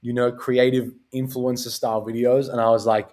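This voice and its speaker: A male podcast host talking in relaxed, casual chat, his voice sitting at an ordinary middle pitch. He rambles loosely, leans on fillers, and drops a swear word now and then. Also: fairly quick.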